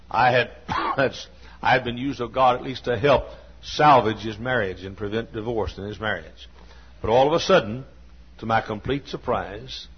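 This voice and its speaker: Husky sixty-something preacher in a church, folksy and earnest, keeps coughing and restarting, muffled lo-fi tape. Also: male voice, mid-range voice. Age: 60s. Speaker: pastor. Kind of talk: sermon with personal stories. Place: church sanctuary. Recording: dull lo-fi sermon recording.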